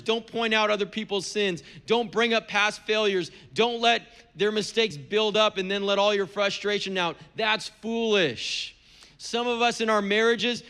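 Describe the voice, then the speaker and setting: A man's voice: high voice, bright, forceful tone. A middle-aged man, a pastor, preaching a sermon in an earnest, conversational way with touches of humor.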